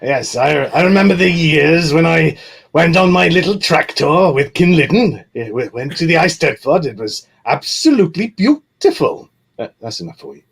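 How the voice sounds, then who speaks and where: A bellowing older Welsh man, proud and hammy, his voice rising and dipping theatrically, with a husky edge to it, as a man puts the accent on for laughs. A comic bit dropped into a chat. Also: fairly high pitch, big pitch swings, moderate pace, heavily acted. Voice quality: loud and hammy. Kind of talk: comic impression.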